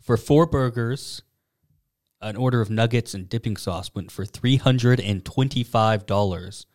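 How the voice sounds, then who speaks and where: A man hosting a casual comedic chat, relaxed, laughing as he tells stories. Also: mid-range voice, measured pace. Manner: easygoing storyteller, laughs often. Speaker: podcast host presenting news stories.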